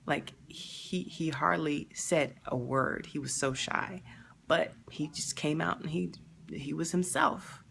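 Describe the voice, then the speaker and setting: A woman hosting a live stream, talking emotionally and haltingly, sad and near tears, pausing to answer viewer comments. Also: low-pitched, gravelly, fairly bright tone, slight background noise. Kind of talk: grieving live stream reaction.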